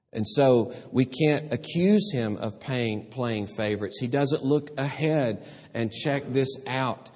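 A man's voice: mid-range voice, a little mellow, in a large hall. A man preaching a sermon as pastor, conversational and emphatic by turns.

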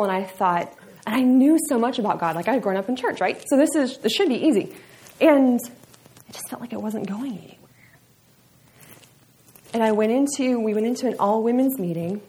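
Candid woman giving a personal testimony. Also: mid-range voice. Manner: candid and conversational, with frequent fillers. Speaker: speaker at a church event.

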